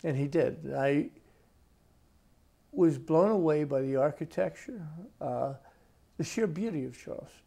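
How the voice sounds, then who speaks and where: A man in his sixties, an author interviewed at his home, telling stories in an unhurried, folksy way. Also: a little high, lively intonation, creaky, dark tone. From United States. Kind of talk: relaxed storytelling interview.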